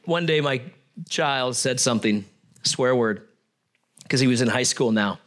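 A man's voice: mid-range voice, a little slow, a bit bright. A middle-aged man preaching a sermon, reading scripture aloud and adding conversational, joking asides. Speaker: pastor.

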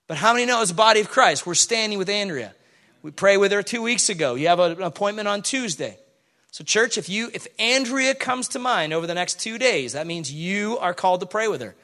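High bright-voiced animated male preacher. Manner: animated, acts out the people in the Bible story. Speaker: pastor. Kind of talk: sermon with scripture reading.

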